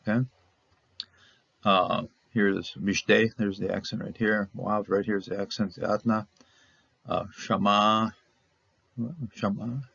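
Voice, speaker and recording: A man teaching a recorded lesson in a relaxed, halting way, with many fillers and restarts. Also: on the low side, vocal fry, slightly rough, dry recording. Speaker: Hebrew teacher. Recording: dull lo-fi dry recording.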